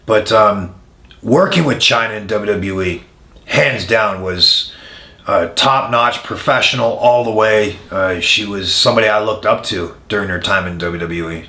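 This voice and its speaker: A man, a former wrestler, telling candid stories in an interview, frank and full of pauses, getting animated during anecdotes. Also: fairly low pitch. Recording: echoey room.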